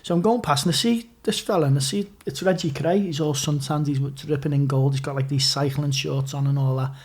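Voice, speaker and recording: A man's voice: a little high, fairly quick. Chatty scouse man telling prison stories. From Liverpool. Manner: animated anecdotes, swearing, rambling restarts. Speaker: podcast guest. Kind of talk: casual storytelling.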